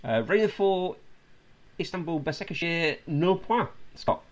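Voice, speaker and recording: A man's voice: a little high, expressive, unhurried, lo-fi sound, a little hiss or hum. Man hosting, chuckling through news. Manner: reads news items with chuckles and asides. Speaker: podcast host. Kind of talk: casual football podcast chat.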